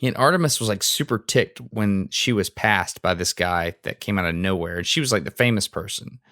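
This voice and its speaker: A man with a Southern US accent, chatting casually as a podcast co-host. His voice sits fairly low, and he talks in an earnest, self-deprecating way with easy laughs. The sound is dry and close. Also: normal speed, bright, forceful tone, no room sound. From Alabama, US. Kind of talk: casual conversation.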